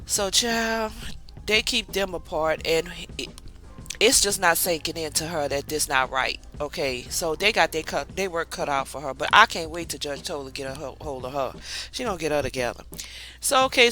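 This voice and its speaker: A woman reviewing a reality TV show in a casual, chatty way. She tells the story with animated asides and acts out what people said. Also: sits low, normal speed, faint music behind, rough recording. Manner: drawling colloquial speech, calls the viewer 'child'. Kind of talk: casual recap vlog.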